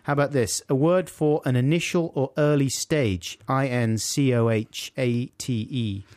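A man co-hosting a casual podcast, wry and self-mocking about his own slips. His voice sits mid-pitch and comes across close and dry. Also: measured pace, darkish tone, no room sound. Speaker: podcast co-host. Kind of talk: casual chat.

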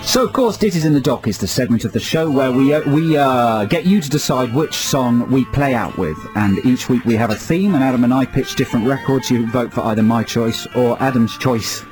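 A man's voice: mid-range voice, animated, a little fast, few pauses, over music, poor audio. A man co-hosting a radio show, chatting drily and reading out listener texts. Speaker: radio co-host. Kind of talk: casual radio chat.

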